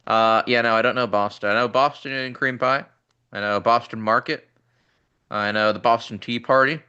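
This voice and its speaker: A man's voice: medium pitch, fairly even intonation, normal speed, bright, forceful tone, clear, resonant tone, dull audio. A man with a New England accent co-hosting a podcast, teasing and cracking dry jokes. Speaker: podcast co-host. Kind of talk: casual chat.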